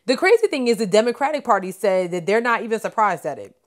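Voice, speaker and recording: A woman's voice: mid-range voice, very animated, fast talker. A woman podcast co-host in casual chat, reading news items aloud and adding blunt asides.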